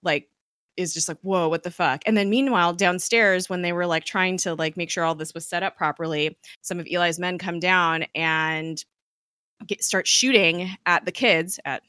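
A woman casually recapping a TV episode in a chatty, rambling way, full of fillers and quick laughs. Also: on the low side, fairly even intonation, sharp tone, clear, resonant tone, no echo, studio quality. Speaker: podcast host recapping a TV episode.

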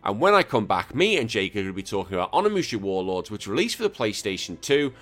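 A man's voice: on the low side, big pitch swings, quick pace, a bit bright. A man hosting a casual gaming podcast, rambling and self-correcting with a joking tone. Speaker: podcast host.

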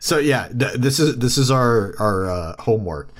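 A man's voice: mid-range voice, expressive, normal speed. A young man co-hosting a casual podcast, often stumbling and repeating words as he talks. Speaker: podcast co-host.

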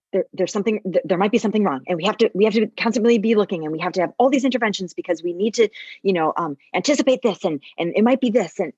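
A woman's voice: medium pitch, husky, dry recording, lo-fi sound. A woman who worked as a labor nurse, telling stories in a casual podcast chat and often restarting her sentences. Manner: storytelling, restarts and repeats words, animated when quoting.

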